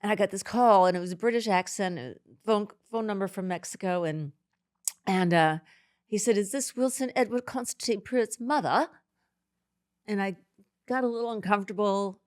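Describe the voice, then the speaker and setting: A middle-aged woman, a podcast guest, speaking haltingly and emotionally in an interview, with many restarts. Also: medium pitch, darkish tone, smooth.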